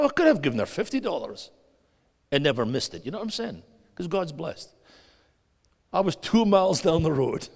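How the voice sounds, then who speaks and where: Man, guest preacher, sermon, swings from loud to hushed, asks the crowd questions, long reverb of a church hall. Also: a little high, gravelly.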